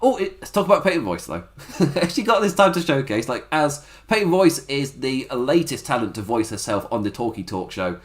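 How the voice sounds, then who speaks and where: A man's voice: mid-range voice, big pitch swings, moderate pace. A man hosting a casual solo wrestling recap podcast, rambling, cutting himself off and laughing at his own asides. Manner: rambling, self-interrupting, laughs at own jokes.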